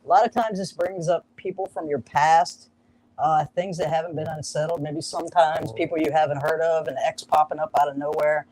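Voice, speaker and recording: Male astrologer, higher-pitched, upbeat and explanatory, live stream, faint hiss. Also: fairly even intonation, fairly quick, darkish tone, poor audio.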